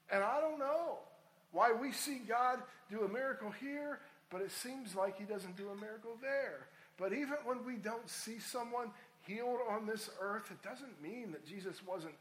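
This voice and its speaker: A man's voice: sits high, a bit bright, roomy sound, low-quality recording. A man preaching a sermon as a pastor, earnest and rising to emphatic appeals.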